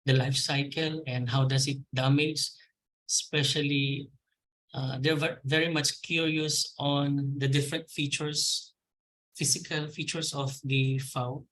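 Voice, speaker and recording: Bright-voiced Filipino man answering questions. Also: medium pitch, little pitch movement, a little slow, rough recording. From Philippines. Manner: polite, addresses the host as ma'am, hesitant with fillers. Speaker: agricultural extension officer.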